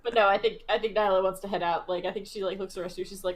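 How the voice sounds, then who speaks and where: A woman playing a tabletop game, giggly and animated. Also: medium pitch, very fast. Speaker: player. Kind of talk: casual tabletop play.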